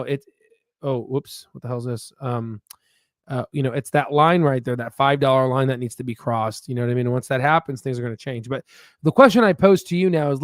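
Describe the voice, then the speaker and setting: A man's voice: medium pitch, dry recording, clean studio sound. A man giving casual stock chart commentary, rambling with many repeated words and a pushy, motivational edge. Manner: rambling, repeats words, frequent "right?" and "you know". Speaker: stock market YouTuber.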